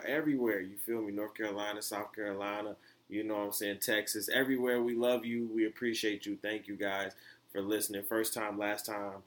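A man talking alone on his own podcast in a casual, chatty monologue. He wanders between thoughts and repeats and restarts often. When a point excites him, his voice climbs sharply before settling back down. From United States. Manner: rambling, animated, many fillers and restarts, voice jumps high when excited. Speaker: podcast host.

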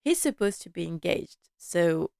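Chatty woman with a smooth, dry voice. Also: lowish voice, a little slow, no room sound. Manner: chatty and animated, laughing often, slipping into quoted lines. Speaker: podcast host recapping a TV drama. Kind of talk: casual chat.

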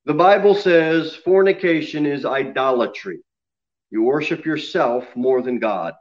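A man's voice: a little high, a little slow, highs cut off. A man preaching a sermon to his congregation in an emphatic way, often asking them questions. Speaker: pastor.

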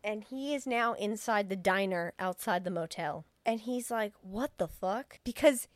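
A woman's voice: mid-range voice, moderate pace, no echo. Profane woman retelling a movie in a dry room. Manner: profane, acts out the characters' lines. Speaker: podcast co-host explaining a film. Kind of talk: casual chat, retelling a movie plot.

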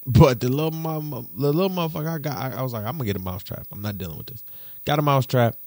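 Animated young man telling stories. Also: fast, no room sound, studio quality. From Detroit. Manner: animated, slangy, swings from loud exclamations to low muttering. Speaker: podcast host. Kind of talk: casual storytelling monologue.

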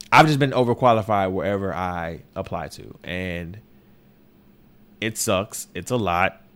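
A man's voice: medium pitch, fairly bright tone. A young man hosting a podcast, speaking candidly and emotionally in a personal monologue, swearing often and circling back on his words. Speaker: podcast host. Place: New York.

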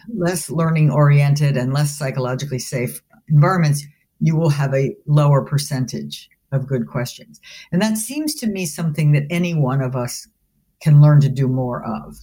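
A woman's voice: low voice, warm tone. A woman professor of leadership answering interview questions in a thoughtful, explanatory way, often restarting her phrases. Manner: thoughtful and explanatory, with frequent restarts and "you know". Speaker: guest, business school professor of leadership.

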